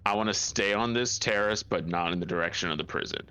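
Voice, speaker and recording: A man's voice: low voice, fast, sharp tone, clean tone, no room sound. A man playing a tabletop game, spelling out his actions step by step with a dry, joking streak. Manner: earnest step-by-step, dryly joking. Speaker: player.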